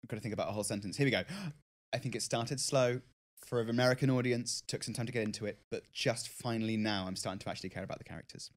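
A man's voice: fairly low pitch, fairly even intonation, rapid-fire, hardly any pauses. A man co-hosting a podcast in casual chat, making wry, teasing jokes. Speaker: podcast co-host.

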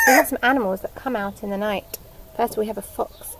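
A woman with an English accent, a nursery teacher reading a picture book aloud to young children in a sing-song, animated way, outdoors in a garden. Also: mid-range voice, brisk. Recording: faint outdoor noise with chickens.

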